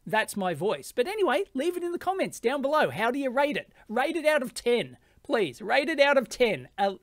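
A man's voice: very high-pitched, very animated, moderate pace, dry recording, studio quality. A man with an Australian accent hosting an electronics video, talking casually and bluntly and laughing often. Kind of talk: casual commentary.

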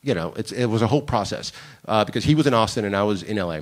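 A man's voice: fairly low pitch, rapid-fire. A man from Miami, a director, telling stories from his career on a conference panel and acting out the lines of people he quotes. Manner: animated storyteller, acts out quoted lines. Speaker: guest director. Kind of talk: panel conversation, storytelling. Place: conference room.

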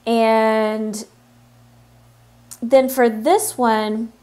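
A woman hosting a software tutorial, explaining each step in a relaxed way and thinking aloud with fillers as she works. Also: fairly high pitch, very slow. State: has the hiccups. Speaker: tutorial host. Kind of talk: screen-recorded software tutorial.

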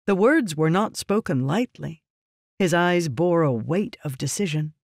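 A man narrating a fantasy novel in a steady, measured storytelling manner. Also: on the high side, creaky, no room sound, studio quality. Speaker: audiobook narrator.

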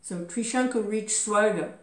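A woman's voice: medium pitch, a little slow. A woman reading an epic story aloud with occasional casual asides and filler words. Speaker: reader. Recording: roomy echo.

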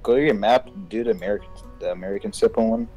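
Husky low-voiced dude telling his buddy what to do real fast, faint music behind. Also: dark tone, rough recording. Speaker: friend giving advice. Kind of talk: casual gaming chat.

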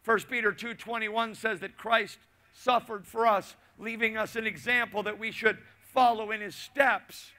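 A middle-aged male pastor preaching a sermon, telling a personal story with asides and repetition, swinging between loud and hushed. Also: high-pitched, steady tone, a little slow, hardly any pauses.

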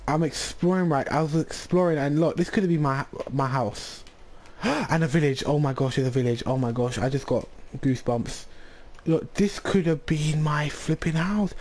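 A man's voice: fairly high pitch, moderate pace. Rambling young man commenting on gameplay. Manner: rambling, excitable, restarts sentences often. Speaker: gaming channel host.

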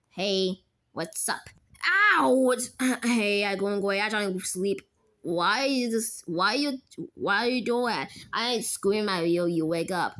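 Lady doing every voice in a silly plush toy skit, squealy and all over the place, slow talker. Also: mid-range voice, big pitch swings, fairly bright tone. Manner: goofy, squealing, switching between silly character voices. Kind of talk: playful toy skit voicing.

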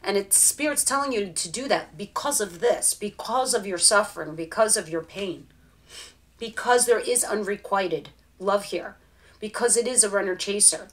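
A woman's voice: medium pitch, normal speed. A woman giving a casual tarot reading straight to the viewer, chatty and direct. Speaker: tarot reader.

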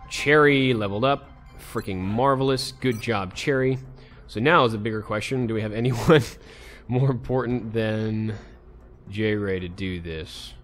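A man recording casual gameplay commentary as a let's play host, talking to himself and breaking into frustrated outbursts. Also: on the low side. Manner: talks to himself, swings into sudden frustrated outbursts.

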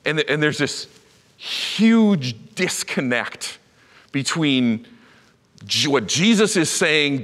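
A man preaching a sermon as pastor, retelling a story in an animated, emphatic way. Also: fairly high pitch, slow, big-room sound. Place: church sanctuary.

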